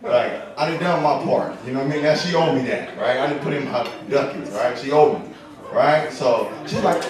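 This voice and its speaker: A man doing a stand-up set in street slang, laughing at his own jokes and shouting his punchlines. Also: medium pitch, quick pace, recorded from a distance. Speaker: stand-up comedian. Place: comedy club stage. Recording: echoey club recorded from afar, crowd noise.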